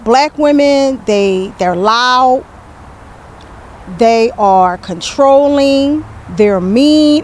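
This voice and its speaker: High, animated woman host, grandmother. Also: very slow, a little hiss or hum. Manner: animated storytelling, acts out quotes, many restarts. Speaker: podcast host. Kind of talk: candid podcast conversation.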